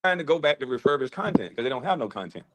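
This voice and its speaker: A man's voice: medium pitch, sing-song, racing, noisy background. A man talking brashly and boastfully in a livestream chat.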